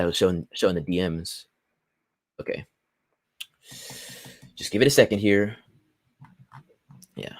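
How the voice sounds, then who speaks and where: A young man hosting a solo political livestream, swinging from loud angry rants to low muttered asides as he reads articles aloud. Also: no room sound, studio quality. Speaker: livestream host. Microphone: phone or computer mic at a desk.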